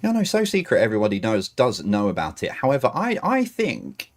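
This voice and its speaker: Man hosting a quiz, lively pitch. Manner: reads questions slowly, with rambling chatty asides. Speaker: quiz host. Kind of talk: hosting a livestream pub quiz.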